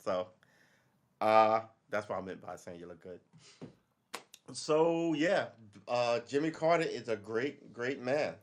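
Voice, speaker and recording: A man's voice: mid-range voice, expressive, slow pace, pauses often, slight background noise. A man from Brooklyn, hosting a casual political livestream. He talks in a loose, rambling, profane way. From Brooklyn, New York. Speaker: livestream host.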